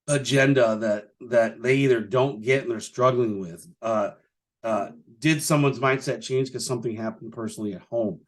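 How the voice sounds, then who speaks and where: A man hosting a solo business podcast in a casual, rambling way, filling his talk with "you know" and restarts and chuckling as he tells stories. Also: lowish voice. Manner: chuckles while telling stories. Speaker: podcast host, business owner.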